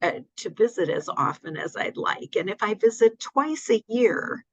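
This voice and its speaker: An older woman talking in a relaxed interview, hesitant with many fillers and restarts, over a dull audio line. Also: mid-range voice, moderate pace, husky, dry recording. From United States. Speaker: guest. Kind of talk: casual interview.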